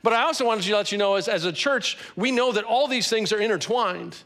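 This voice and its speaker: A man in his forties preaches with a high, bright voice that carries easily. His delivery is earnest and conversational, and he draws out key phrases for weight. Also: a little fast. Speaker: pastor. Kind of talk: sermon.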